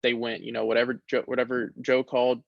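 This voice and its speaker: A young man, a college football player, talking casually in an interview, relaxed and rambling with many fillers. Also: medium pitch, fast talker, creaky, dry recording. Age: young adult. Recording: dull lo-fi sound.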